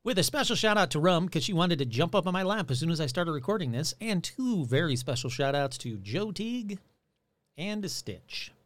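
A man hosting his own podcast in a chatty, rambling way, reading out shout-outs and plugs. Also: a little high, a little fast, no echo. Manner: chatty, rambling, animated delivery. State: losing his voice. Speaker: podcast host. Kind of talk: casual podcast chat.

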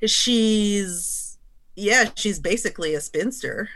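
A woman in casual conversation, talking in an animated, chatty way with lots of fillers. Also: medium pitch, slow. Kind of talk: casual chat.

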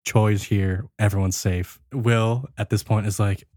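A man hosting a casual podcast, retelling a film scene by scene and acting out the characters' lines in quick bursts. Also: lowish voice, fairly even intonation, darkish tone, no echo, studio quality. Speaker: podcast host recapping a film. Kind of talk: casual chat.

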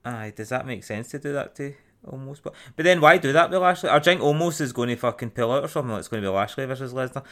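Bright, animated Scottish man, always joking. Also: mid-range voice, quick pace, few pauses. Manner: jokey, animated, laughs a lot. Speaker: podcast co-host. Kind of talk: casual sweary chat.

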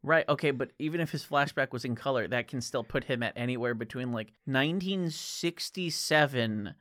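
Animated man in casual chat, dry room. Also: medium pitch, moderate pace, dry recording. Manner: animated retelling, quoting characters. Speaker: podcast co-host discussing a book.

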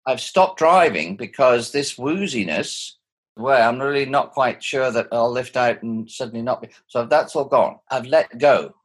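A man in his sixties with a husky voice, speaking thoughtfully and animatedly from home over a video call. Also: medium pitch, unhurried. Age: 60s. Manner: thoughtful, animated, chuckling often. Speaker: interviewee. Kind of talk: reflective personal conversation.

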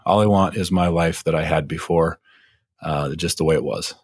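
Man, very low voice, husky, dry close sound, rambling casual storyteller. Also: normal speed, no room sound. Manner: rambling, animated storyteller with many fillers.

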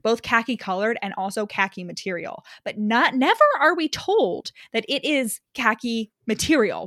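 A woman's voice: fairly high pitch, fairly bright tone, dry recording, clean studio sound. A woman co-hosting a podcast book recap, chatting casually, swearing freely and saying "like" a lot. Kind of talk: casual chat.

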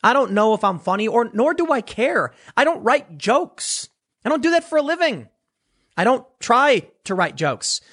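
Animated sarcastic man ranting. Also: extremely high pitch, normal speed, husky. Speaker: commentator. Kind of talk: unscripted commentary monologue.

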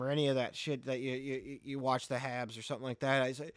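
A man's voice: medium pitch, fast talker, fairly bright tone, clear, resonant tone, no room sound, studio quality. A man, an actor and author, chatting casually as a podcast guest, rambling, swearing and laughing as he talks. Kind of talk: casual chat.

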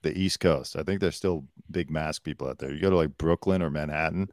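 A man's voice: a bass voice, fairly quick, a little mellow, dry recording, clean studio sound. A man hosting a casual comedy podcast, joking and sarcastic, swearing freely. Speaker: podcast host. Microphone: desk mic with headphones.

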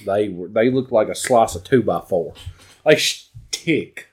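Man, casual storytelling, lively swooping pitch, profane, animated. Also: slow. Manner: animated, profane, jumps into high voices for quotes.

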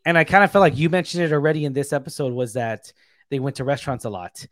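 A man's voice: medium pitch, fast, a bit bright, no echo. A man co-hosting a casual TV review chat, talking in a laid-back, slangy way and laughing often. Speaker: podcast co-host.

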